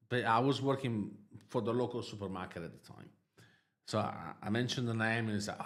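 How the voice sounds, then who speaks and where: A man hosting a livestream, telling a personal story in a casual, halting way, with lots of fillers and restarts, laughing at his own tale. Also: fairly low pitch, fairly bright tone. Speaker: livestream host.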